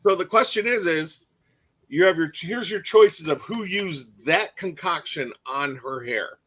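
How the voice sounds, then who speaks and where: A man with a slightly high voice co-hosts a podcast and reads out quiz questions. He sounds easygoing and chuckles along with his partner. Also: expressive, measured pace, fairly bright tone, husky. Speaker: podcast co-host, quizmaster. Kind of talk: casual podcast chat.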